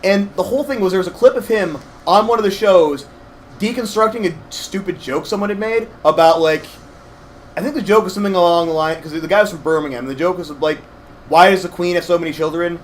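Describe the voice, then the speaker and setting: A young man co-hosting a game playthrough, rambling through animated stories with lots of fillers. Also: high-pitched, fast talker, slight background noise. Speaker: let's play co-host. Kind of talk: casual gaming chat.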